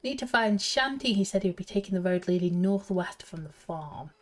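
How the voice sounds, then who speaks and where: A woman's voice: medium pitch, animated, brisk. A woman streamer casually thinking aloud and giggling as she plays through a game quest. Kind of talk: casual gameplay commentary.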